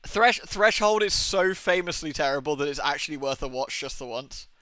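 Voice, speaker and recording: A young man talks on a livestream in a loose, rambling way, full of swearing and laughter. His voice sounds bright and forceful and sits a bit high for a man. The sound is dry, with little room sound. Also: animated, normal speed, dry recording. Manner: chatty, swears often, laughs a lot. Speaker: streamer. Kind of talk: casual livestream chat.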